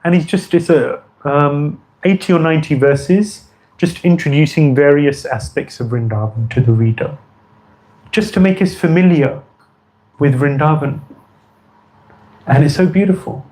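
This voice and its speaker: A man's voice: fairly high pitch, unhurried, a little mellow, low-quality recording. Earnest man giving a devotional talk. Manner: earnest, repeats phrases for emphasis. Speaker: spiritual teacher. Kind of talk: devotional lecture.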